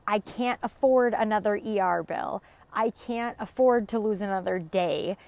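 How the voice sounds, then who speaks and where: A woman in her thirties, a fitness coach and mother, giving an earnest, emphatic motivational talk to viewers, repeating phrases for effect. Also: mid-range voice.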